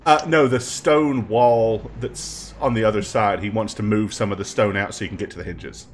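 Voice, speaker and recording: A man's voice: lowish voice, fairly even intonation, moderate pace, a little hiss or hum. A man running a tabletop game as game master, giving rulings with many hesitations. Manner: hesitant, filler-heavy rulings.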